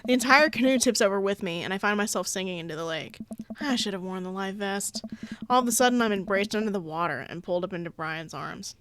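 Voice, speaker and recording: A young adult woman streaming a game in casual let's-play commentary, reading the on-screen text aloud, playful and excitable, laughing and yelling at the game. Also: mid-range voice, fast, no room sound. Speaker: gaming streamer.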